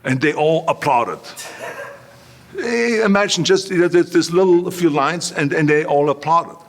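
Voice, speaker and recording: A man in his sixties from Austria, with an Austrian accent, telling animated stories as an interview guest, acting out what others said. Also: fairly high pitch, measured pace. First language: German. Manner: animated anecdotes with quoted voices. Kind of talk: storytelling interview.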